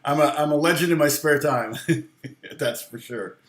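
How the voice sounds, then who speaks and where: A man's voice: fairly high pitch, normal speed, fairly bright tone, reverberant. A man teaching guitar on a casual live stream, chatting with viewers in a self-deprecating way and laughing often.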